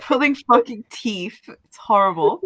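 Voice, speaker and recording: A woman's voice: mid-range voice, animated, unhurried, fairly bright tone, low-quality recording. A woman guest on a stream in casual chat, exasperated, swearing and laughing.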